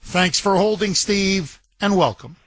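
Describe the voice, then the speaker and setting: A man's voice: sits high, measured pace, no room sound. Indignant male talk radio host. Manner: indignant, emphatic.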